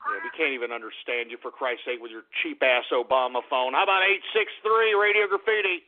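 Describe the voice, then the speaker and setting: A man hosting a call-in radio show, ranting and swearing with bursts of shouting. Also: medium pitch, fairly quick. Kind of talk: angry call-in show rant. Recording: tinny phone-like internet radio audio.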